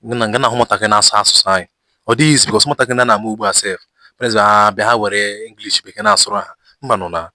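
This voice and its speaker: Man, very fast talker, sharp bright voice, dry close sound. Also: lowish voice, no room sound. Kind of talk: casual spoken intro.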